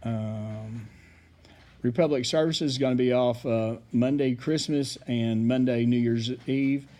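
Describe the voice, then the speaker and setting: Mellow-voiced man giving a council report. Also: mid-range voice, steady tone, measured pace. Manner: rambling, hesitant, many fillers. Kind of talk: public meeting report.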